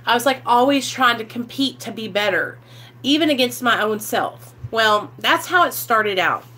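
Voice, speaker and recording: A woman, candidly telling her life story to the camera, animated and swearing freely, acting out what people said. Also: on the high side, moderate pace. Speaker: vlogger sharing recovery story.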